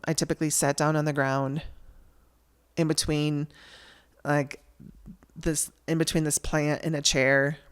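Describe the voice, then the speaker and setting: On her podcast, a woman shares a personal story in a candid, conversational way, restarting sentences and speaking bluntly. Her voice is low-pitched with a clean tone.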